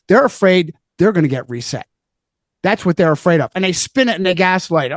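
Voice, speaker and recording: A man's voice: sits high, expressive, a little fast, no echo. A man speaking as a podcast guest, emphatic and preachy, hammering his points by repeating phrases in casual chat.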